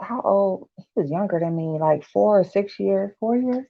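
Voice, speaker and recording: A woman's voice: on the low side, moderate pace, gravelly. Chatty swearing woman, dull lo-fi sound. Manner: loud and expressive, laughs a lot, swears casually. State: yawning, tired. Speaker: vlogger. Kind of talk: casual chat to viewers.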